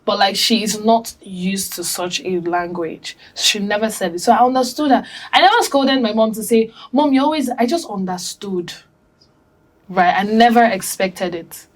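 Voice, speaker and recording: A woman on a discussion panel, telling animated stories and acting out quotes from family. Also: medium pitch, moderate pace. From Africa. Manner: animated storytelling, acts out quotes. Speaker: panel guest.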